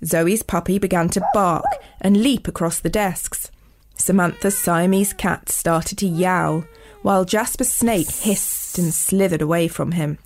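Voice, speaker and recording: A woman, a children's author, reading her own storybook aloud with clear, expressive delivery. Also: fairly low pitch, measured pace.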